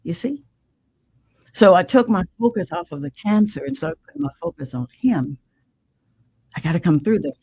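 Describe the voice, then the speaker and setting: A woman's voice: mid-range voice, very animated, normal speed, creaky, pauses often, mellow, husky, dry recording, low-quality recording. An older woman guest telling a personal story of faith in an emphatic, preacher-like way. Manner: emphatic, preacherly, calls listener "man". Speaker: guest, radio show host. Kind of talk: emotional personal testimony.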